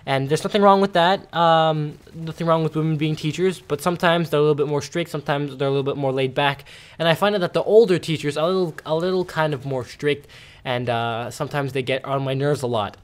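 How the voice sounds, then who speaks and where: A man's voice: a little high, steady tone, brisk. A teenage boy ranting casually as a gameplay commentator, rambling with many fillers and restarts. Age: teens. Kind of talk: casual gaming commentary rant.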